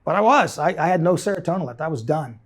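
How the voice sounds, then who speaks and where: A man's voice: a little high, animated, fast. A middle-aged man from the United States, an entrepreneur telling his story intensely in an interview and acting out the people he quotes. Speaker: guest entrepreneur.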